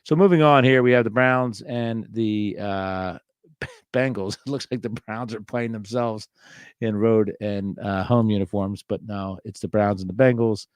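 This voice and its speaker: This host's voice sits fairly low and moves a little slowly, with a clean tone and no room sound. Alone on his laid-back trading-card show, he reads out the old cards' text and cracks dry, throwaway jokes.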